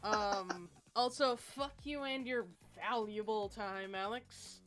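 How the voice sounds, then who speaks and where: A woman chatting casually while playing an online game on stream, blunt and quick to swear. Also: medium pitch. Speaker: gamer on a stream. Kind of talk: casual gaming chat. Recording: faint game music behind.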